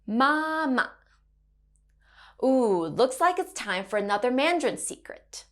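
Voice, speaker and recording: A woman in her thirties teaching Mandarin to children, gentle and encouraging, modelling sounds in a sing-song way. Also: fairly high pitch, very animated, normal speed. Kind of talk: children's language lesson.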